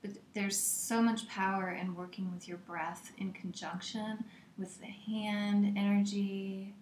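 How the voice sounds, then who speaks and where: A woman teaching a guided meditation in a slow, gentle way, often slipping into a soft whisper. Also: medium pitch, flat delivery, roomy sound, a little hiss or hum.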